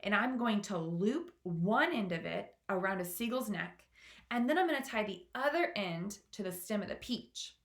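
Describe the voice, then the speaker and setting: A woman reading the lines of a young boy who speaks firmly and calmly, in an echoey room. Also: mid-range voice, normal speed, lightly acted. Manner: firm, calm, explaining. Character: brave determined young boy.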